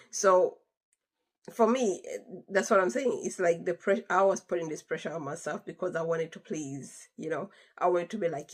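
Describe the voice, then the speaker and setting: A woman's voice: deep voice, moderate pace, vocal fry, husky. A young adult woman casually telling a story to her viewers, emphatic and chatty, repeating phrases for stress. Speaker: vlogger telling a work story.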